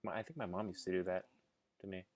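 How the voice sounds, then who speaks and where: A man's voice: low-pitched, steady tone, fast talker. A man hosting a reaction video, chatting casually, easily amused, and talking to his dog between remarks.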